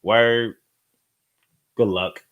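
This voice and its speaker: A man chatting casually on a live stream, telling stories in an animated, slangy way, repeating his phrases and reading out viewer comments. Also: lowish voice, drawn-out words, narrow, tinny audio.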